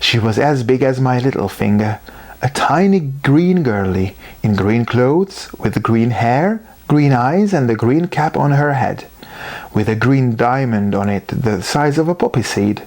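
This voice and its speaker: A storyteller reading a children's story aloud in an animated, unhurried way. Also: mid-range voice.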